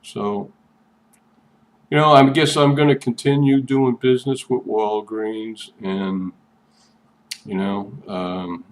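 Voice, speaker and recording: A man's voice: lowish voice, fairly even intonation, takes it slowly, pauses often. An older man talking through a rambling personal vlog, chatty and meandering, often repeating himself. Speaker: vlogger.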